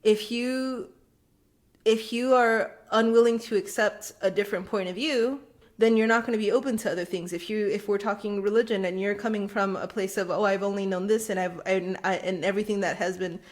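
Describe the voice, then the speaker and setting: A woman in casual podcast chat, thinking aloud in a rambling, reflective way with quick bursts. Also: medium pitch, fairly even intonation. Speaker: podcast co-host.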